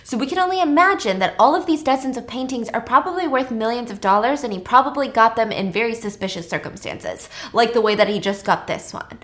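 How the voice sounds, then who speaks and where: A young woman hosting, retelling a film in a casual, animated and slangy way. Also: a little high. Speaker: host. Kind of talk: casual film recap while eating.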